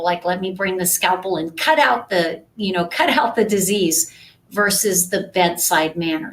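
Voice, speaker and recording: A woman's voice: mid-range voice, fairly bright tone, rough recording. Chatty woman coaching live. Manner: conversational, checks in with "right?" and "okay?". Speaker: sales trainer. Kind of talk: live-stream coaching talk.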